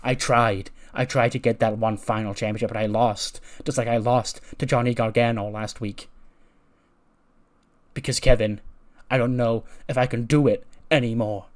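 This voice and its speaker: A man's voice: mid-range voice, steady tone, moderate pace, close to an everyday voice. A man voicing a self-doubting male pro wrestler who speaks in a defensive, downcast way in a game storyline. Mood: defeated.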